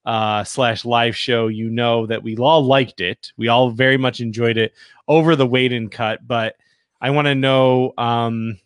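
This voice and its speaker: A man's voice: mid-range voice, steady tone, measured pace, clear, resonant tone, no room sound, clean studio sound. Rambling jokey podcast host man. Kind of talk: casual podcast chat.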